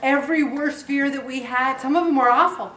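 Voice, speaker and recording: A woman's voice: high voice, a little fast, fairly bright tone, distant mic. A woman leading a support group, chatty and joking, who acts out the voices of the people she quotes. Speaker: weight loss group leader. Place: meeting room with a group. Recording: echoey room, voice picked up from afar.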